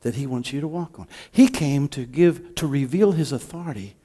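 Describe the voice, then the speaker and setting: A man preaching a sermon as pastor, impassioned, moving between hushed and loud delivery. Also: mid-range voice, moderate pace, husky.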